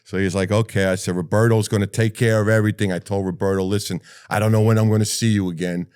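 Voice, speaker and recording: Low-voiced New York firefighter. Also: male voice, quick pace, clean tone. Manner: blunt, profane, lively retelling. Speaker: retired firefighter guest. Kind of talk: interview storytelling.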